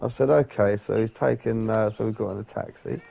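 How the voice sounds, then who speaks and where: A man, telling a sweary, animated story in casual chat. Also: fairly low pitch, quick pace, vocal fry, slightly rough. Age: 30s. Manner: sweary, animated, acts out voices. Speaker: podcast co-host. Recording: dull lo-fi sound with faint noise.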